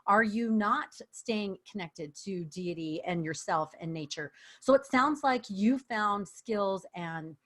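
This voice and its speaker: A woman's voice: medium pitch, expressive, slow pace, hardly any pauses. A woman hosting an interview podcast, affirming her guest and asking questions. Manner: warm, affirming, asks questions. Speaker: podcast host.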